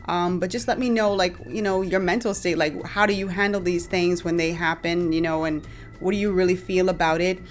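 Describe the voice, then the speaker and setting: A woman with a Bahamian accent talks straight to her viewers in a casual vlog. Her voice sits on the lower side for a woman. She is chatty and emphatic, often circling back with "you know" and "um.". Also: a little hiss or hum. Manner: chatty, emphatic, many fillers and restarts. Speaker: vlogger host.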